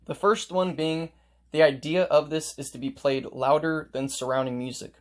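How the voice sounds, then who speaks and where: A man's voice: fairly high pitch, steady tone, moderate pace. A man teaching a casual music lesson, explaining note markings step by step and playing examples on his instrument.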